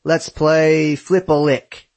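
A man voicing a big, boisterous Australian man with an Australian accent, loudly explaining a drinking game. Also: a little high, little pitch movement, takes it slowly, no echo, pitched above the performer's own voice. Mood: rowdy, eager.

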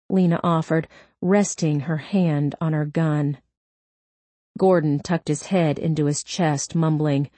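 A woman narrating a crime audiobook at a slow, deliberate pace. Her voice sits low and steady, and the recording is dry and close with no room sound. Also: dry recording. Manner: steady, measured storytelling.

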